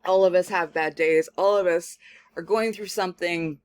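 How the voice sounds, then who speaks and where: A woman professor giving a lecture, telling a personal story in a casual, animated way with many filler words. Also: fairly low pitch, normal speed, clear, resonant tone, no echo. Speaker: communication studies professor. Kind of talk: recorded lecture with personal anecdote.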